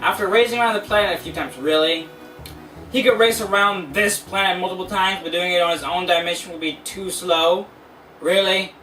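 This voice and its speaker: A man's voice: sits high, a little fast, sharp tone, reverberant, far from the mic, soft background music, poor audio. A man narrating a comedic comic book review, full of sarcastic, mocking asides.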